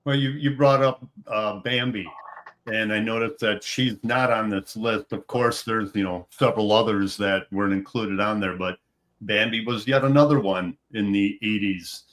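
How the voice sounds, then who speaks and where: A man co-hosting a podcast, chatting in a relaxed way and prompting his partner with questions. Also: fairly low pitch, normal speed. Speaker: podcast co-host. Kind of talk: casual podcast chat.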